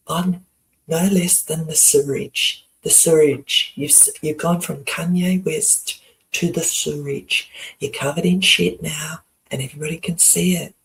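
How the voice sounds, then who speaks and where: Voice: mid-range voice, unhurried, creaky, a bit bright, rough recording. A panel guest delivering a contemptuous, accusing monologue, partly in a harsh whisper.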